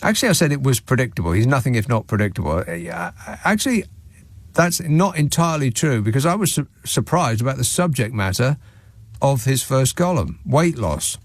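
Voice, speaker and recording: A man's voice: mid-range voice, very animated, moderate pace, no room sound. A man hosting a late-night talk radio show from a studio, delivering a sarcastic, mocking monologue and reading out listeners' messages.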